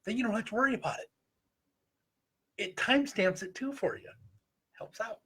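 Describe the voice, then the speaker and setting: A man's voice: sits high, moderate pace, fairly bright tone, husky. A man with a Midwestern American accent, co-hosting a casual chat on paranormal investigation and giving folksy, joking advice. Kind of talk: casual group chat on a show.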